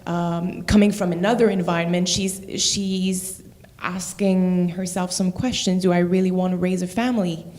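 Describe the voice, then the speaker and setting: A woman's voice: lowish voice, fairly even intonation, moderate pace, darkish tone. A woman from Quebec with a French Canadian accent, an actor chatting about her role in a stage play and laughing often. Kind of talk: interview chat.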